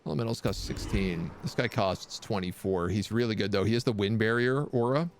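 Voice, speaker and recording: A man's voice: fairly low pitch, fairly quick, slight background noise. A man streaming a strategy game live, chatting casually and reading viewer messages aloud. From Canada. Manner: chatty, reads chat aloud and answers. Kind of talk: live gameplay commentary.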